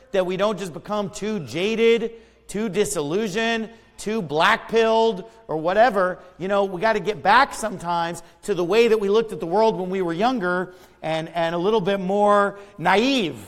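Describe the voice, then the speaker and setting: High-voiced American man preaching in a hall. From United States. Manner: emphatic and conversational, with asides and repeated words. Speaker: pastor. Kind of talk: sermon.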